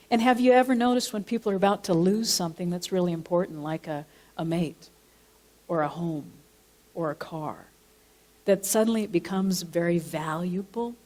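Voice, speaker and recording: A woman's voice: on the low side, mellow. A woman minister delivering a sermon, telling a counseling story and repeating and rephrasing her points as she goes. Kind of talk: sermon with personal anecdote. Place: church sanctuary.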